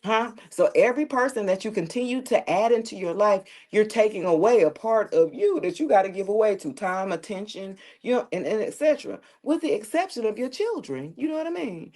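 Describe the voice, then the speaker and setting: A woman's voice: medium pitch, animated, brisk, few pauses, a little mellow. Joking, laughing woman hosting a live tarot stream. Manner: loose and joking, with slang and profanity, often breaking into laughter. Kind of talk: casual live-stream chat.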